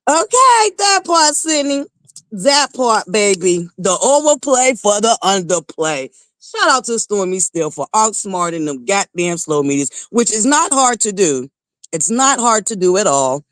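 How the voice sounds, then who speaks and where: A woman hosting a casual morning livestream, excitedly greeting viewers by name and chatting in a lively way. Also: medium pitch, slow pace, no room sound. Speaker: host of a morning talk stream.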